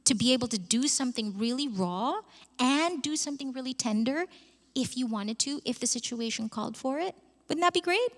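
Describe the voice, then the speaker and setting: A woman leading a live vocal workshop as a coach, chatty and expressive with the audience in a conference hall. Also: high voice, fairly quick. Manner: expressive and chatty, addresses the room. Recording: long hall reverb.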